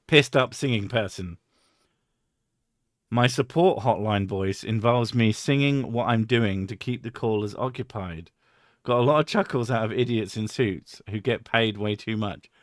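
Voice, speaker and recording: A man's voice: mid-range voice, fairly bright tone, dry recording, clean studio sound. A man hosting a stream, rambling and swearing, laughing often in casual chat. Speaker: streamer host.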